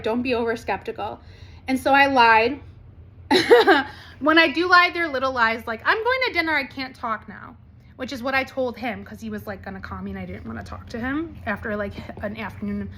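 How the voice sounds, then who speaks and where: A woman in her forties talking candidly to camera as a vlogger, blunt and animated, swearing freely. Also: on the high side. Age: 40s.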